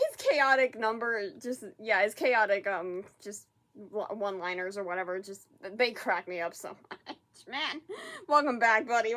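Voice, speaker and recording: A woman hosting a casual reaction vlog, excitable and giggly, often repeating herself in quick bursts. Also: on the high side. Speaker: reaction video host.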